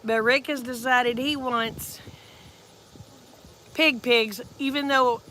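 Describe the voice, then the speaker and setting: A woman's voice: on the high side, fairly even intonation, slow pace, pushed and bright, slight background noise. A woman, chatting folksily about her farm in a casual storytelling vlog. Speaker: farm vlogger.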